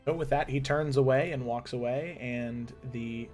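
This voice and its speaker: A man's voice: medium pitch, fairly even intonation, moderate pace, darkish tone, faint music behind. A man narrating as game master in a tabletop game, casual and full of fillers. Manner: casual, with many fillers and restarts.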